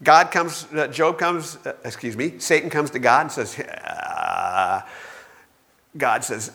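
A man preaching a sermon in a lively storytelling manner, acting out the voices of the people he quotes. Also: mid-range voice, slow pace, creaky, big-room sound.

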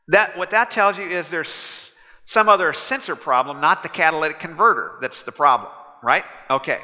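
A man's voice: on the high side, bright, forceful tone. A man preaching a sermon in a conversational, humorous way, chuckling as he tells stories. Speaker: pastor. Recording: dull echoey hall.

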